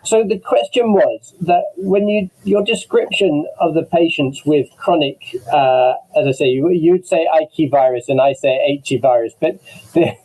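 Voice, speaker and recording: A man's voice: a little high, measured pace, a little mellow, low-quality recording. A man with an English accent moderating an online medical discussion, talking with many fillers and restarts over a video call.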